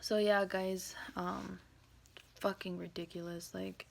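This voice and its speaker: A woman ranting straight to camera in an emotional, rambling monologue. Her pitch sits at an ordinary middle height for a woman. She talks bluntly and profanely, jumping from loud bursts to quiet, breathy whispers. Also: little pitch movement, takes it slowly, heavy background noise. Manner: swings between loud outbursts and hushed whispered asides.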